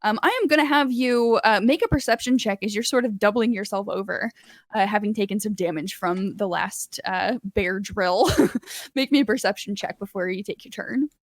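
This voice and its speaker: A woman running a tabletop game as game master, narrating scenes for players with lively energy and frequent laughter. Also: mid-range voice, moderate pace, no echo. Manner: animated, laughs often while narrating.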